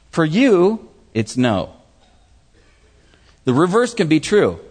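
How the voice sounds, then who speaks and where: Lively preaching man in a reverberant hall. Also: high voice, moderate pace. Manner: animated preaching with questions to the audience, acts out voices. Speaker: pastor. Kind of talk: sermon.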